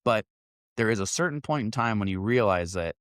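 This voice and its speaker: A man's voice: on the low side, lively intonation, fairly quick, clean tone, no room sound, studio quality. A man, co-hosting a podcast and telling stories in an exasperated, profane way. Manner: profane, exasperated storytelling, acting out quoted exchanges. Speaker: podcast co-host. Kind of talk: casual chat. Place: studio.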